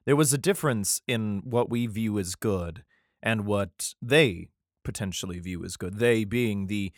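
A man's voice: on the low side, measured pace, no room sound, clean studio sound. A man casually reading scripture aloud and riffing on it, rambling, laughing often and swearing freely. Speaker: reader commenting on scripture.

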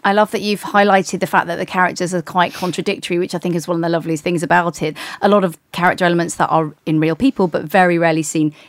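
A woman co-host who responds appreciatively to her partner. She speaks quickly in a lowish voice, and the sound is dry and close. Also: steady tone, no echo. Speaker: podcast co-host. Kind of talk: casual chat.

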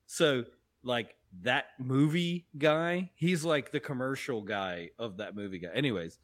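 A young man rambles through a joke on a casual podcast, cursing and laughing as he goes. He sits back from the mic, so his mid-pitched voice sounds a little distant. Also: a little slow. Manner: rambling, joking, laughing, profane. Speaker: podcast co-host.

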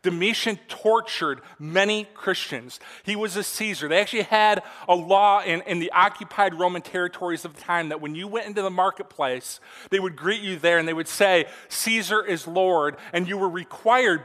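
Young male preacher, high voice, earnest conversational sermon, frequent check-in asides, long hall reverb. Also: normal speed, few pauses, pushed and bright. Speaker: pastor.

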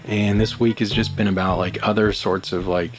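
A man with a low voice talks in a relaxed, meandering solo monologue, pausing on fillers and chuckling at his own remarks. He sounds unhurried and calm. Music plays underneath his voice. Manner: calm, rambling, self-amused, with many fillers. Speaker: podcast host. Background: background music.

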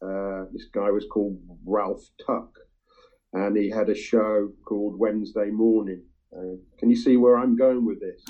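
A man with a husky, slightly breathy voice, pitched a little low, talks through a song in casual chat. He hesitates constantly, circling back with ums and repeated words. The sound is thin and tinny, like a phone line. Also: flat delivery. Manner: halting, full of ums and restarts. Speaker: music-sharing group member.

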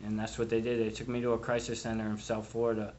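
A man's voice: on the low side, monotone, fast talker, darkish tone, muffled recording, slight background noise. A young man from Boston with a Boston accent, telling his recovery story to a crowd in a rambling, profane way full of "dude" and "like.". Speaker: speaker sharing recovery story. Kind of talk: storytelling to a live audience.

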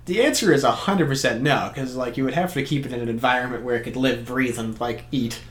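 A man chatting casually with friends, excitable and swearing often, quick to laugh. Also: mid-range voice. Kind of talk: casual crude chat among friends. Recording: echoey room.

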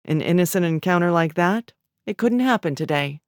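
A woman voicing an older grandmother, a quiet, wry observer, in a story reading. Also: lowish voice, lively intonation, moderate pace, dry recording, clean studio sound.

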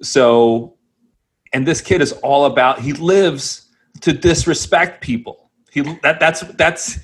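A man's voice: on the high side, slow pace, slightly rough. A man co-hosting a casual podcast, telling a rambling, self-mocking story and chuckling as he goes. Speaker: podcast co-host.

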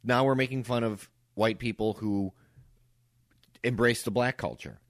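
A man's voice: medium pitch, measured pace, no echo, clean studio sound. A man co-hosting a podcast in casual chat, blunt, profane and sarcastic, and heated when he argues. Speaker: podcast co-host.

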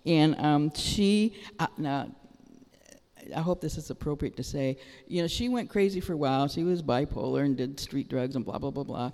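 A middle-aged woman giving an animated testimony in a sermon, breaking into excited exclamations. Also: low voice, normal speed. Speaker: church speaker. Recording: long reverb of a large hall.

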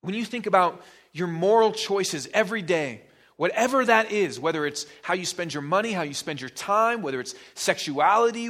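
A pastor delivers a sermon in a high-pitched, sharp voice. He presses his listener with probing rhetorical questions and emphatic repetition.

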